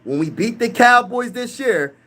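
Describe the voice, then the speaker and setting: This sports channel host, a young man from Pennsylvania, trash-talks with hype and reads the chat aloud during a casual live stream. His voice is extremely high-pitched, expressive, pushed and bright, at a normal speed.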